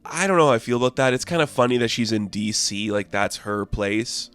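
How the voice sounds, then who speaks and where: A man's voice: medium pitch, lively intonation, a little fast, fairly bright tone, clear, resonant tone, no echo, faint music behind. A man giving a casual, rambling comic book review, full of fillers and amused asides.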